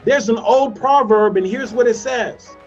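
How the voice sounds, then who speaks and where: High-voiced man giving a motivational talk. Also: muffled recording, faint music behind. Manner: storytelling, repeats phrases for emphasis, slows for drama. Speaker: motivational speaker. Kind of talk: motivational speech.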